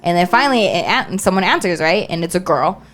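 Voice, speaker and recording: A young woman co-hosting a podcast, telling a story in a chatty, animated way with lots of fillers. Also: lowish voice, fast, a little hiss or hum. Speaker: podcast co-host. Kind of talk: casual storytelling chat.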